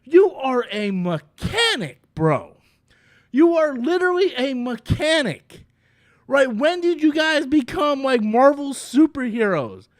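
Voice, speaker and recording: A man with a strikingly high voice tears into a film in a sarcastic, profane rant. He sounds fed up and mocking as he reviews it. The sound is dry and close, with no room echo. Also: big pitch swings, slow. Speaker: movie reviewer. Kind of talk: ranting movie review.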